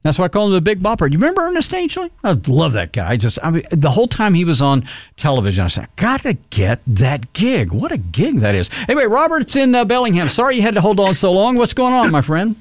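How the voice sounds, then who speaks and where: A man's voice: sits high, wildly swooping pitch, fast talker, no echo. An older man from Texas hosting a call-in radio show in a rambling, joking way with lots of fillers. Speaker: fill-in radio talk host. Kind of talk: casual call-in radio chat.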